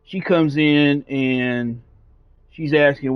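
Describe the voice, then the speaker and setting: A man's voice: mid-range voice, moderate pace. Man, gaming streamer, casual storytelling, swears a lot, rambling, muffled lo-fi mic. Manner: rambling, profane, frequent fillers. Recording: dull lo-fi sound.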